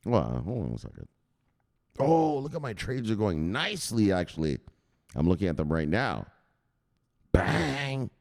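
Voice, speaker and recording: A man hosting a crypto news show as a casual livestream, hyped and profane, shouting out viewers. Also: low-pitched, big pitch swings, moderate pace. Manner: talks straight to viewers, gives shout-outs. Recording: echoey room with long reverb.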